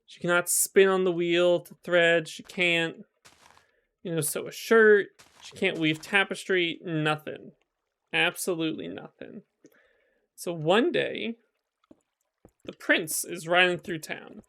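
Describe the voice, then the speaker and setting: A man's voice: high voice, slow, gravelly, a bit bright, clear, resonant tone. A male streamer casually retelling a folk tale, chatty and rambling with lots of fillers. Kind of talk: casual storytelling while gaming.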